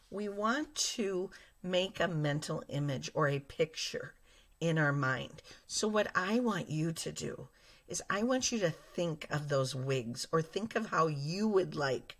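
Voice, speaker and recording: A woman teacher giving a lesson to young children, explaining slowly and patiently and speaking straight to her class. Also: sits low. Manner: slow, patient and explaining, addressing children directly.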